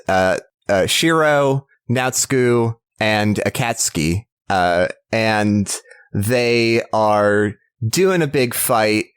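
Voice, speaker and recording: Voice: medium pitch, clear, resonant tone, no echo, studio quality. A podcast co-host in casual chat, rambling and hesitant with many fillers.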